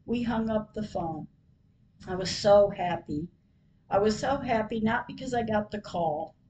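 A woman podcaster reading her diary entries aloud, retelling each call in a plain, measured way. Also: mid-range voice, warm tone, muffled recording, a little hiss or hum.

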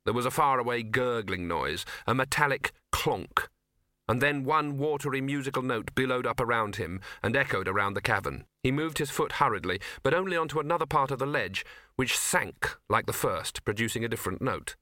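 A man narrating an audiobook in a measured storytelling manner. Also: medium pitch, animated, bright, forceful tone, no echo, studio quality. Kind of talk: scripted narration.

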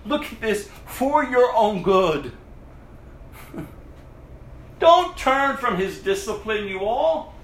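A man preaching a sermon as pastor, animated, laughing often and mimicking whiny voices. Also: high-pitched, slow pace, long pauses, roomy sound, poor audio.

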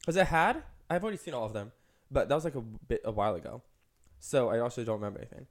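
Fast-talking man rambling on a podcast. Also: mid-range voice, animated. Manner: rambling, heavy use of "like" and "um". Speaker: podcast co-host. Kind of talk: casual podcast chat.

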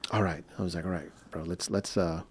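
A young American man, appearing as a guest, rambles through a story in casual conversation, full of fillers and restarts, and acts out the voices of the people in it. His voice is low-pitched and fairly quick, steady in tone and a little mellow, with slight background noise.

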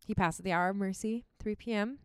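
A young woman speaks on a faith podcast, earnest and close to tears at times, filling her sentences with "um" and "like". Her voice is smooth and clean. The recording is dry, with no room sound. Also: mid-range voice, quick pace, no room sound. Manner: heartfelt, emotional, many fillers like "um" and "like". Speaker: podcast co-host.

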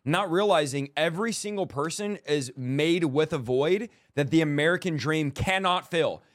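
Male faith podcast host, fairly high voice, encouraging, preacher-like. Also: moderate pace. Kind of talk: casual chat.

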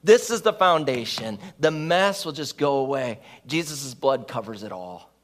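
A man's voice: mid-range voice, animated, measured pace. A male pastor preaching a sermon in an earnest, conversational way, often laughing at his own stories.

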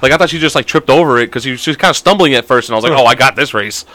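A man's voice: medium pitch, rapid-fire, bright, forceful tone. A young man hosting a podcast, telling stories in casual chat, swearing freely and laughing often. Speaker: podcast host.

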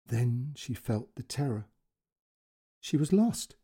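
A male storyteller reading a short story aloud with expressive, emotional narration. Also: mid-range voice, takes it slowly, slightly rough.

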